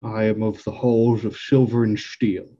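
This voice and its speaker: Man voicing an earnest dwarf builder, low and raspy. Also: little pitch movement, dark tone, muffled recording. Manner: slow, measured, with fillers. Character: steady dwarf builder, male.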